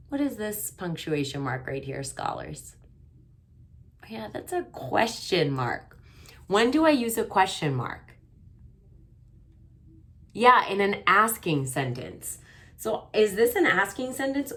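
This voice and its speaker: A woman's voice: on the low side, big pitch swings, unhurried, fairly bright tone. A woman kindergarten teacher giving a remote writing lesson to young children, sounding out letters and stretching her words.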